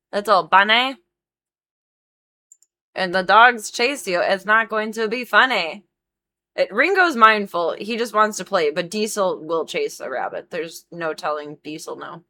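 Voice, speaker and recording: Bright, chatty young woman streamer. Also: mid-range voice, normal speed. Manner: rambling, chatty, giggly, filler-heavy. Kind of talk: casual chat while drawing on stream.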